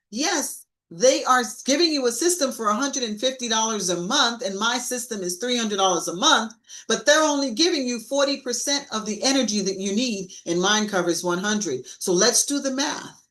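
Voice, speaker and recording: A woman giving a live-streamed sales training talk, coaching with lively emphasis and acting out sample lines to clients. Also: medium pitch, low-quality recording.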